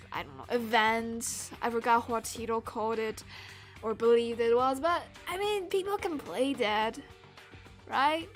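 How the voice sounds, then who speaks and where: On the high, slightly bright side, a woman's voice carries her casual live-stream of a visual novel. She rambles playfully, laughs often, and tests out the characters' voices aloud.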